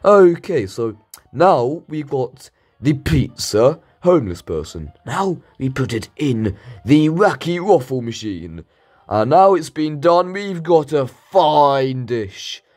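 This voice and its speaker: A man's voice: on the high side, big pitch swings, takes it slowly, a little mellow. A man with a bad cold commentating a mobile game, yelping and pleading in comic panic. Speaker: gaming channel host. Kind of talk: gameplay commentary. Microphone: playing on mobile.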